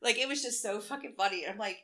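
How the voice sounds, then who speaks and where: Forties woman cursing her way thru a story, bright voice, blunt and chatty. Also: a little high, fast talker. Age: 40s. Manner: blunt, profane storytelling with acted-out quotes. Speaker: podcast co-host. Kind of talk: casual chat.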